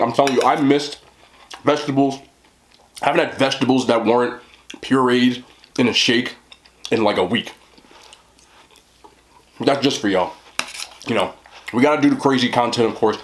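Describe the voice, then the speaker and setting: A man's voice: mid-range voice, slight background noise. A young man chatting casually to camera as a mukbang vlogger, laid-back and talking between bites with his mouth full. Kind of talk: casual talk to camera while eating.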